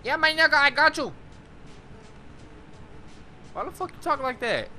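Very high, lively excitable male gamer. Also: a little slow, slight background noise. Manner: excitable, whooping, heavy cursing, trash talk. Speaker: gameplay commentator. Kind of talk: casual gameplay commentary. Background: game music and car sounds.

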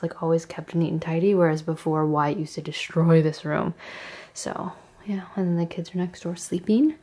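A young mother talking casually to her handheld camera at home at night. Her voice sits a little low, and she rambles along with plenty of "like" and "um." A faint hum of household ambience hangs behind her. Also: a little mellow. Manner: chatty, rambling, lots of "like" and "um". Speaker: family vlogger, mother.

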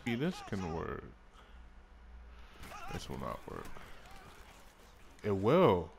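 A young gaming YouTuber with a low voice, wildly swooping pitch, drawn-out words and vocal fry gives casual, profane live commentary over a football video game, with frequent outbursts at the action. Background noise is audible.

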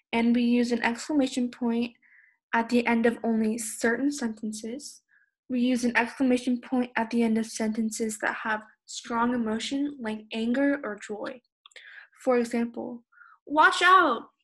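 A teenage girl from California who teaches a recorded online lesson, explaining plainly and patiently. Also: on the high side. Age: teens. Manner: plain, patient explaining, raises voice on example shouts. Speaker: student teacher.

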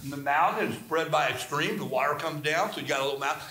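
Animated, bright-voiced male Bible teacher. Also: fairly high pitch, fast, roomy sound. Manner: animated, rambling storytelling with dramatized scripture.

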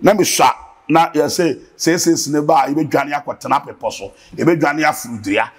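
Raspy, gravelly Ghanaian preacher man. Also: on the high side, fast talker. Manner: animated, bursts into shouting, preachy. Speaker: guest preacher. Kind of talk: impassioned interview talk mixing Twi and English.

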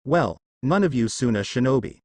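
A mysterious cloaked ninja with a lazy, amused drawl, read out by a man. His lively voice rises and falls with dry humor, recorded close and dry with no room sound. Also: mid-range voice, normal speed, no room sound, natural voice.

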